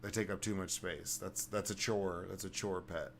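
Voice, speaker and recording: A man's voice: low voice, fairly even intonation, normal speed, a little hiss or hum. A man hosting a casual podcast, telling rambling stories full of swearing. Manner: rambling, profane, storytelling. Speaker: podcast host.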